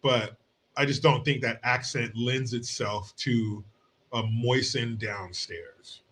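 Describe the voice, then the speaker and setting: A man's voice: medium pitch, fairly even intonation, slow pace, a bit bright. A man from the United States hosting a podcast, giving crude, mocking commentary and laughing often. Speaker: host.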